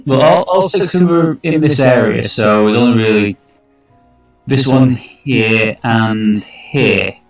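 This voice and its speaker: A man's voice: mid-range voice, takes it slowly, gravelly. Man player, brief plain remarks, distant and heavily echoing, faint music. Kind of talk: casual chat at a tabletop game. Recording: very echoey from far off the mic.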